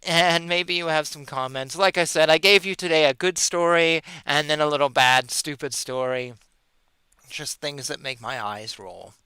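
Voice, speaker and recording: A man's voice: on the high side, moderate pace, pushed and bright, smooth, no echo. Sarcastic man hosting a solo podcast. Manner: sarcastic, exasperated, mocking. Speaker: podcast host. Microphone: webcam or computer mic.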